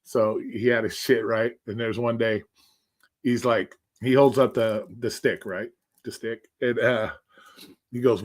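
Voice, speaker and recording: A man hosting a casual livestream chat, telling profane, animated stories about his past. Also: mid-range voice, brisk. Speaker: host. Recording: livestream call audio.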